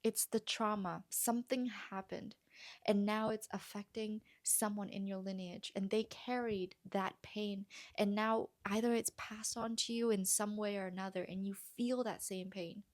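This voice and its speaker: A woman coach speaking earnestly and gently to her viewers, often dropping to a soft near-whisper. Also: medium pitch, fairly even intonation, moderate pace. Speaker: vlogger and healing coach. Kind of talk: heartfelt personal talk to camera.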